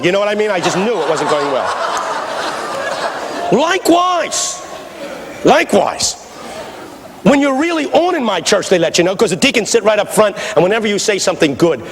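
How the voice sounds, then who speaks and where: A man from Philadelphia preaching a humorous sermon, telling stories lively and mimicking the shouts of a congregation. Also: high-pitched. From Philadelphia, USA. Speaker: guest preacher. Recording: archive talk in an echoey hall, faint noise.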